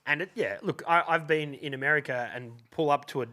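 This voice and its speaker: Male host, slightly high pitch, halting casual interviewer. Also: sharp tone. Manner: halting, restarts questions. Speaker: podcast host.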